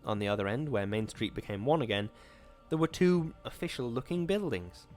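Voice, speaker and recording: A man hosting a show, reading a horror story aloud in a steady, measured way. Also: mid-range voice, soft background music.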